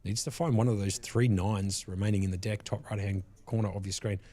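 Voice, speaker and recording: A man commentating a live poker stream from a commentary box on a headset mic, relaxed and chatty, with frequent laughs. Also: lowish voice, a little fast. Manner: easygoing, laughs often, chatty asides.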